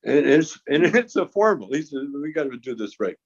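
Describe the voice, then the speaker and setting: A fairly high, sing-song male voice with a breathy edge moves a little fast as a guest tells a long, casual anecdote. He chuckles a lot and keeps stammering and restarting. Dull, lo-fi recording.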